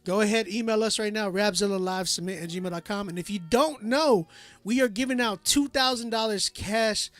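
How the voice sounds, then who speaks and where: High-voiced young man, encouraging livestream chat. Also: normal speed, a bit bright, no echo, faint music behind. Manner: conversational, encouraging, slangy. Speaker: livestream host. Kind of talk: casual livestream talk.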